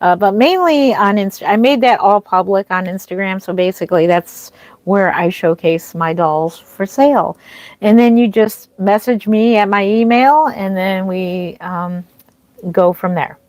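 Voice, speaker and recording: In a relaxed, slightly mellow medium-pitched voice, a woman runs a live stream about her reborn doll art. She greets people and answers comments at an unhurried pace, with plenty of ums and false starts, and the audio has no echo.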